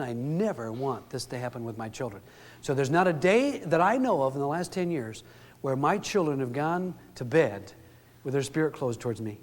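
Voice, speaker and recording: Seminar speaker, male, slightly high voice, storytelling delivery, long hall reverb. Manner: storytelling, acts out quoted dialogue. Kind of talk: live seminar talk.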